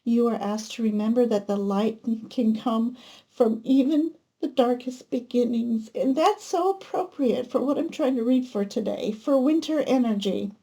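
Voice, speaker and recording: A woman giving a pick-a-card tarot reading, talking gently and spiritually with many pauses and fillers. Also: on the high side. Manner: gentle, unhurried, spiritual musing with many ums. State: emotional, close to tears at times. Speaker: tarot reader.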